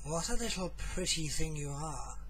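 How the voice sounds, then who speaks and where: A man voicing a cruel, lecherous noble sorcerer who sneers and threatens quietly, then rises to shouts. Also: a little high, expressive, normal speed, faint music behind, rough recording. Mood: sneering.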